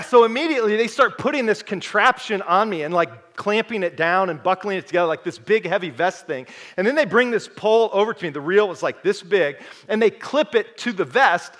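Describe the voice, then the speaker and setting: A young adult male pastor preaching a sermon, telling a personal story with animated energy before turning soft and earnest. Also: sits high.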